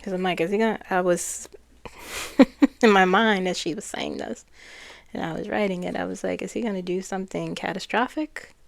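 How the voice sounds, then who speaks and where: A woman who reads cards and channels spirits, talking in a slow, hesitant way as she recounts messages. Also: mid-range voice, steady tone, gravelly. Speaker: spiritual channeler and card reader. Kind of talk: casual spiritual chat.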